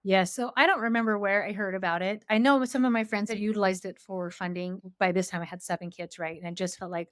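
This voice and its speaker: A woman in her forties, a homeschool coach as a guest, talking in a chatty, animated way with lots of fillers. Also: medium pitch, quick pace, few pauses, no echo, clean studio sound. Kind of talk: casual interview chat.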